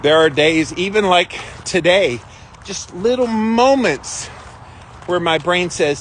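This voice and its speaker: A man's voice: high-pitched, measured pace, fairly bright tone. A middle-aged man hosting a casual live stream outdoors, greeting viewers by name and chatting about his ice bath routine. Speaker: host. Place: outdoors on a windy day. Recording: wind noise on the mic.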